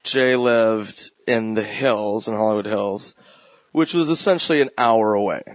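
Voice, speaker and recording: A man's voice: fairly low pitch, unhurried, dry recording. A man guesting on a comedy podcast, telling loose rambling stories and laughing often. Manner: laid-back, laughing, rambling anecdotes. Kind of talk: casual storytelling chat.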